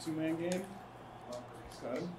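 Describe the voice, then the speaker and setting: A man playing a video game match, cheering and complaining at the screen in an excitable way. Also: fairly high pitch, takes it slowly, recorded from a distance. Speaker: gamer playing in a tournament. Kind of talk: casual live reactions to a video game match. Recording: echoey room with background noise.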